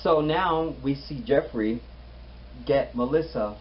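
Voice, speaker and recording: A man giving a casual, animated recap of a TV episode, chatting with his viewers. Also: medium pitch, moderate pace. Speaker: TV show reviewer. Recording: slightly muffled, faint hiss.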